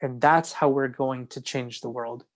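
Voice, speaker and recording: A man's voice: mid-range voice, fairly even intonation, unhurried. A man speaking as a guest in a casual podcast conversation, earnest and repetitive, restarting phrases as he builds to his points.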